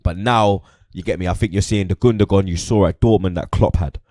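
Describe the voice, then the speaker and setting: A young man talks football in a relaxed, slangy way, dropping "you get me" and "blood" into nearly every sentence. His voice sits fairly low, and the sound is close and dry with almost no room. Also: brisk, dry recording. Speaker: host. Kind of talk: casual football chat.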